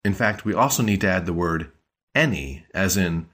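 Husky low-voiced male language teacher. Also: expressive, fairly bright tone. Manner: measured, explanatory. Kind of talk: scripted lesson narration.

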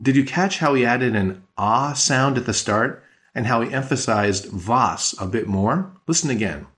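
A man teaching a podcast language lesson, patient and explanatory, slowing down on key words. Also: medium pitch, animated, fairly bright tone.

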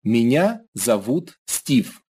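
A man saying example phrases slowly and carefully for learners. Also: medium pitch, big pitch swings, dark tone, breathy edge. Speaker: native speaker model for learners.

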